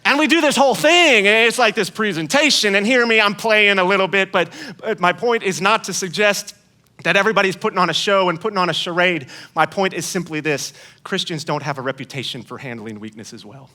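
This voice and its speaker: A man's voice: high-pitched, brisk, sharp tone. A man preaching a sermon as a guest speaker, in a conversational, playful way, acting out quoted voices.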